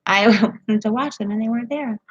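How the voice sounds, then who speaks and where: A woman's voice: on the high side, a little fast, slightly rough, lo-fi sound. A woman chatting casually on a live stream from home, reading viewer comments and telling rambling stories with frequent laughs.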